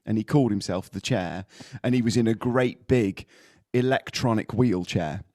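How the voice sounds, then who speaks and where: A man's voice: fairly low pitch, normal speed, darkish tone, no room sound, studio quality. A man co-hosting a podcast, telling stories in casual chat with frequent laughter. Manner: laughing storyteller. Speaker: podcast co-host.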